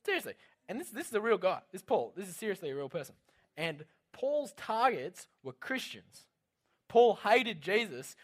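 A young man giving a casual, animated youth talk as a youth leader. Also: sits high. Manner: casual storytelling, lively and animated.

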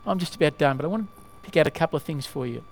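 A male preacher giving a sermon in a halting way, often asking the listeners questions. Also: fairly high pitch, expressive, creaky, a little hiss or hum.

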